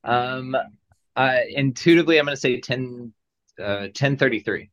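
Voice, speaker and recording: A man's voice: medium pitch, normal speed, highs cut off. A man, a guest, answering in a laid-back, joking way. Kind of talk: casual chat.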